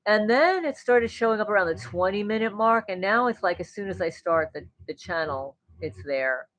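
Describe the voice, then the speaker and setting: A woman's voice: medium pitch, animated, normal speed, fairly bright tone, no room sound, low-quality recording. A woman hosting a livestream, chatting in a rambling way and answering viewer comments. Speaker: livestream host. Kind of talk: casual livestream chat.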